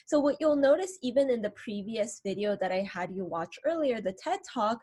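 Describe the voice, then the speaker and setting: A woman's voice: mid-range voice, darkish tone. A woman instructor giving an online lecture, explaining and demonstrating how word stress changes meaning. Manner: explanatory, demonstrates stress patterns with varied emphasis.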